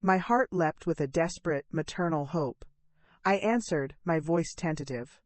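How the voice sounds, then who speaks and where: Low-voiced woman narrating a dramatic story. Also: animated, normal speed, dry recording.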